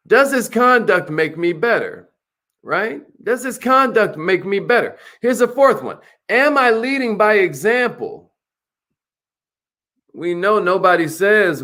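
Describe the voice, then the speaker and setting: Hyped, bright-voiced motivational man. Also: high-pitched, animated, unhurried. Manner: emphatic, repetitive, hyped, calls listeners millionaires. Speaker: motivational speaker. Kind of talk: motivational talk to an audience.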